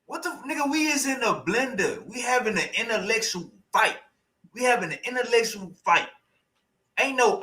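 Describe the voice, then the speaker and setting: A man hosting a livestream, reacting to a debate clip in loud, profane, mocking commentary that keeps repeating phrases. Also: very high-pitched, lively intonation, moderate pace, echoey room, poor audio. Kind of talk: casual live reaction commentary.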